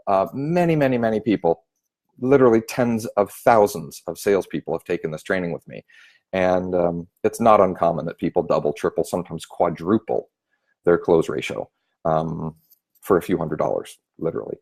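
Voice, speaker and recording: Male sales trainer, lively, acts out callers mid-talk. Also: deep voice, moderate pace, vocal fry, husky. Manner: animated, acts out phone voices. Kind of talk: spoken training tip.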